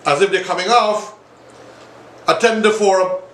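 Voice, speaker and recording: Impassioned man, high bright voice. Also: unhurried, echoey room, far from the mic, low-quality recording. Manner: repetitive, appealing directly to viewers. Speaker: online show host. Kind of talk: impassioned political commentary.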